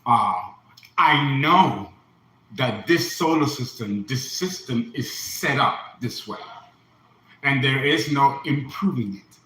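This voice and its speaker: Impassioned man in his fifties, lively pitch. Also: slow pace, echoey room, low-quality recording. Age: 50s. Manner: earnest, impassioned, repeats himself. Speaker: astrologer and occult teacher. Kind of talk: emotional personal monologue.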